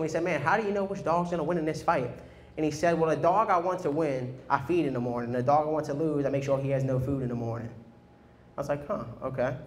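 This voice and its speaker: A man preaching a sermon in an energetic, conversational way, often saying "man" to the congregation. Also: fairly high pitch.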